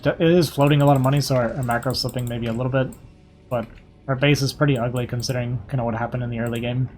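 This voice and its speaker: A young man giving casual, quick play-by-play commentary on a strategy game match, a little hoarse and thinking aloud as he goes. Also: medium pitch, darkish tone. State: slightly hoarse, losing his voice. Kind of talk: live esports play-by-play commentary.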